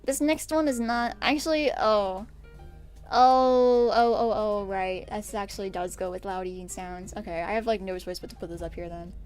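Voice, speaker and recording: A woman's voice: medium pitch, a little fast, few pauses, soft background music. A young woman streamer from America chatting casually, rambling and getting exasperated with bursts of laughter. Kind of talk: casual stream chat ranking pet peeves.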